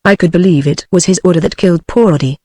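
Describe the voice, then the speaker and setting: A text-to-speech British English female voice reading the lines of a composed young man, a gentleman thief, in an even synthetic tone. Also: lowish voice, fast talker, dry recording, natural voice. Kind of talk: text-to-speech audiobook dialogue.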